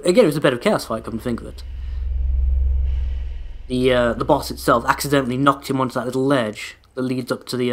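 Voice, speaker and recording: A man's voice: medium pitch, a bit bright. A young man rambling through casual gameplay commentary as a let's play host, with dry, self-deprecating jokes aimed at his viewers.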